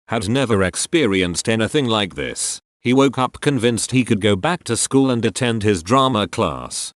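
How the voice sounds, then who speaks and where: A man's voice: lowish voice, no room sound, clean studio sound. A man reading forum stories aloud as the channel's narrator, reading out stray punctuation and usernames.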